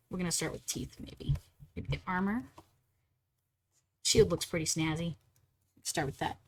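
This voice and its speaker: A young woman streaming live while drawing, chatting casually and getting bubbly and squealy when excited. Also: on the low side, measured pace, pauses often, a little hiss or hum.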